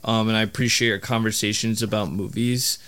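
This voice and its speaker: A man co-hosting a podcast, speaking in a halting, sincere way with many fillers. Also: fairly low pitch, steady tone, a bit bright, clean tone. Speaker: podcast co-host. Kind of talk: casual chat.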